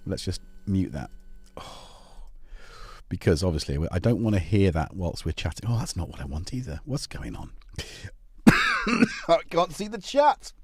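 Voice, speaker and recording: A man chatting on his own live stream, loose and jokey, forever wandering off on tangents. His pitch swoops up and down a great deal as he talks. The sound is dry and close, with no room echo at all. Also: huge pitch swings, measured pace, pauses often, husky. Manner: rambling, jokey, full of tangents and asides to his cats. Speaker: livestream host. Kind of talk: casual live-stream chat.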